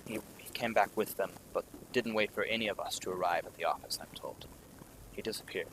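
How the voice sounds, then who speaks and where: A man's voice: fairly quick, background noise, close to an everyday voice. A man doing a guarded, scheming official with courtly speech. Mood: conspiratorial. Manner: courtly formal speech, drops to a low conspiratorial murmur. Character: formal, suspicious male official, scheming and guarded. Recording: music playing underneath.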